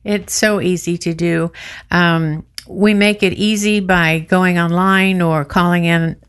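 A woman's voice: lowish voice, steady tone, takes it slowly, smooth. A woman who works as a public radio underwriting advisor, making an earnest, friendly on-air fundraising appeal.

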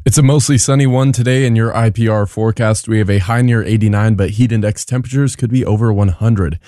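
A man's voice: lowish voice, quick pace, dark tone, no room sound, studio quality. A man reading a scripted local weather and news update.

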